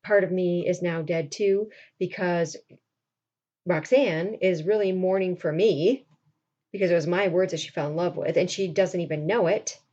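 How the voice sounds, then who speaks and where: Anguished male poet-soldier, a woman reading him, casual classroom retelling, mellow tone, dull lo-fi recording. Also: lowish voice, moderate pace, close to an everyday voice. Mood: resigned. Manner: casual retelling of a play's dialogue.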